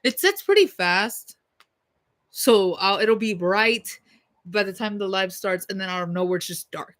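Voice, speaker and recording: A woman's voice: mid-range voice, expressive, a little slow, fairly bright tone. A young woman telling a story casually on a livestream, heated, blunt and full of swearing and fillers.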